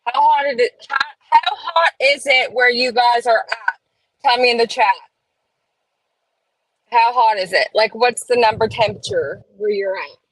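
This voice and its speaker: A woman's voice: a little high, normal speed, pauses often, fairly bright tone, dry recording, low-quality recording. Chatty woman streaming from home. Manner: chatty, reads chat aloud, opinionated asides. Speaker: livestream host. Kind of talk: casual live-stream chat. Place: home room.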